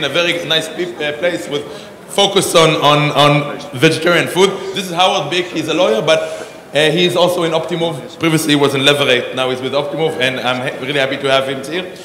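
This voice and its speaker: A man's voice: fairly high pitch, bright, forceful tone, a little hiss or hum. Man introducing a panel, echoey hall. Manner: rambling with many fillers and restarts. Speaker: conference host. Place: large conference hall. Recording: echoey hall with a long reverb.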